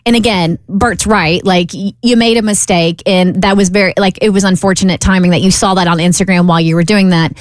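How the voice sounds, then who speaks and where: A woman's voice: fairly low pitch, steady tone, a little fast, hardly any pauses, no echo. Reassuring woman radio co-host. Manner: reassuring, validating, talks it through. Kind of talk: casual chat.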